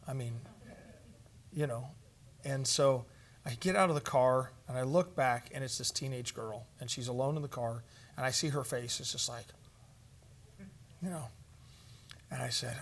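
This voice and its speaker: A man's voice: mid-range voice, normal speed, gravelly, pauses often. A man giving a church conference teaching, telling stories in a conversational way with fillers and asides. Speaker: conference speaker.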